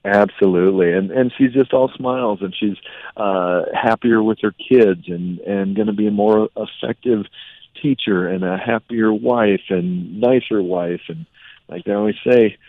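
A man, a functional medicine doctor, telling lively patient stories with lots of fillers as a radio show guest. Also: fairly low pitch, unhurried, no echo. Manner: animated storytelling with fillers. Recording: tinny phone-like radio audio.

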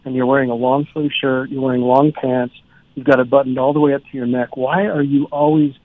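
A man who writes children's books, telling a story from a school visit in a relaxed way, with many fillers. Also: medium pitch, a little fast, no echo. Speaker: children's author. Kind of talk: storytelling in a radio interview. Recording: dry tinny phone line.

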